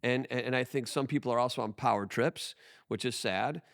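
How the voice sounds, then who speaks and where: Speaking a little fast with vocal fry, a medium-pitched man appears as a podcast guest in a conversational interview. He owns a tax firm and talks about it emphatically, restarting often.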